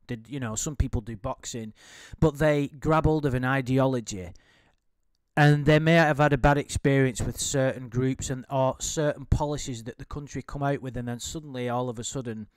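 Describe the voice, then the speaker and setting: A man's voice: medium pitch, normal speed, smooth, no echo, studio quality. A man giving casual, rambling commentary while reading out a chat log, full of swearing, restarts and laughter.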